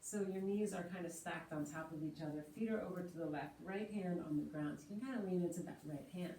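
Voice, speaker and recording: A woman teaching yoga, slowly and gently cueing breath and movement. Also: lowish voice. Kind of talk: guided yoga instruction. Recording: roomy echo, voice from a distance, faint hiss.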